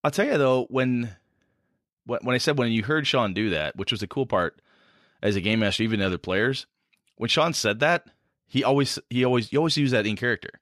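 On a casual podcast about running tabletop games, a Midwestern American man who hosts and serves as game master talks at medium pitch, animated and fairly quick with a fairly bright tone. His talk rambles, with restarts and frequent laughs. The studio-quality sound has no echo.

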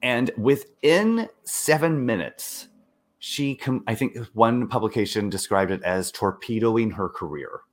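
A man co-hosting a casual chat, telling a story with animated delivery and acted-out quotes. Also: unhurried. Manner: animated, acts out quotes with swooping pitch. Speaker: podcast co-host.

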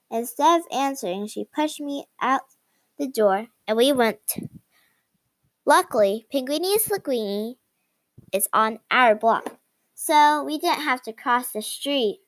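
Woman reading a kids' book, slow and careful, fairly high voice, dry close sound. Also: lively intonation, no echo. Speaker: reader. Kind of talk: reading a children's book aloud.

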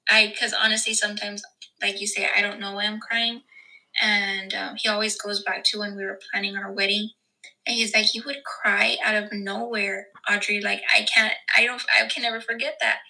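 A young woman guest in a casual chat, talking in an emotional, halting way with many fillers. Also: mid-range voice, level tone, creaky, sharp tone, poor audio. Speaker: podcast guest.

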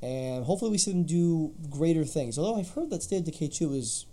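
A man co-hosting a gaming podcast, talking through the news in a relaxed, rambling way. His voice is mellow and dark, with plenty of ums and restarts as he goes. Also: fairly high pitch, fast. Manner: relaxed, chatty, lots of fillers and restarts. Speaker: podcast co-host reading news. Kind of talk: casual gaming podcast chat.

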